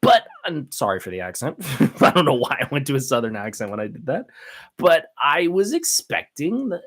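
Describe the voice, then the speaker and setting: A man talks through his opinions on his own podcast, with a middling pitch for a man. He rambles, often stops to say um and uh, and restarts his sentences as he goes. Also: big pitch swings, normal speed, fairly bright tone. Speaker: podcast host. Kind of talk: casual solo podcast chat.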